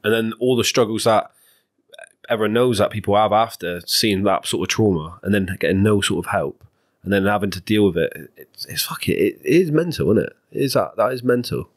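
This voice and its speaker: A man's voice: fairly low pitch, brisk. A man co-hosting a podcast, blunt and affirming, swearing casually. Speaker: podcast co-host. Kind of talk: casual chat.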